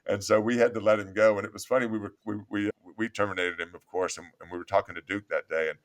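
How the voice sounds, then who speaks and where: Deep-voiced man telling a story. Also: quick pace, few pauses. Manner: animated anecdote-telling with laughs. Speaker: podcast host, agency owner. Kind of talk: storytelling in casual interview. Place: office studio.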